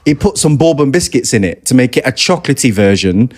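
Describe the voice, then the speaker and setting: A man's voice: medium pitch, very animated, fast. Chatty man telling a laughing anecdote. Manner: laughing, conversational storyteller with many fillers. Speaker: former footballer, now a pundit. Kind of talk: casual anecdote on a podcast.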